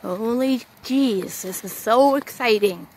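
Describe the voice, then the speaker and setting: Gushing, excitable woman at a fairground. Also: a little high, slow, slight background noise. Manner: gushing and excitable, repeating exclamations, whooping. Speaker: vlogger. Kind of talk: casual vlog commentary while filming. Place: outdoors at a fairground.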